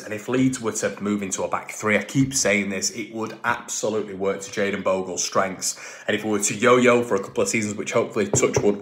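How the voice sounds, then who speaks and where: A man hosts a football fan channel in a loose, casual ramble, pressing his points hard and circling back with repeats and restarts. His voice sits on the low side. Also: fairly bright tone. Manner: chatty, emphatic, repeats himself, many restarts.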